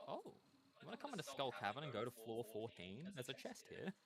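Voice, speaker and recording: A man's voice: mid-range voice, big pitch swings, brisk, a crowd in the background. Playful man with a mild Australian accent. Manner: playful, affectionate banter. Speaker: streamer co-host. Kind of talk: casual stream chat. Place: home streaming setup.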